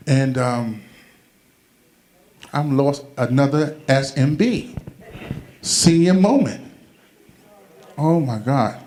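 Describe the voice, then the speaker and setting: A man's voice: on the high side, darkish tone, roomy sound. A man from Brooklyn, doing a loose, rambling stand-up routine and laughing at his own jokes. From Brooklyn, New York. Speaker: stand-up comedian. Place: comedy event venue.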